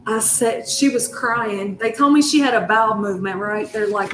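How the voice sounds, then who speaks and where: A woman's voice: mid-range voice, fairly even intonation, moderate pace, hardly any pauses, a little hiss or hum, low-quality recording. A woman telling a personal story in a casual, rambling, profane and emotional way.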